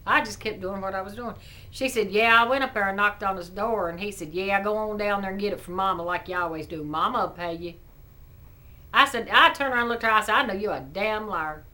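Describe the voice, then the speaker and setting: Middle-aged woman vlogger, indignant chatty rant, bright edge to her voice. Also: mid-range voice, quick pace, low-quality recording. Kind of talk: casual storytelling rant.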